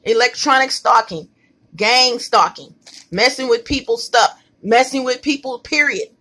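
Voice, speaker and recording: A woman vlogs from her kitchen at home on a phone, her voice a little high, pushed and bright, her pace unhurried. She's emphatic and repetitive, speaking straight to the people watching.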